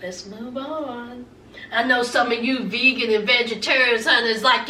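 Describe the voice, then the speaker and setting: Recapping a TV show with sass and laughter, this woman calls her audience "honey" in a voice on the high side at a moderate pace. She's far from the mic in an echoey room, with background noise audible.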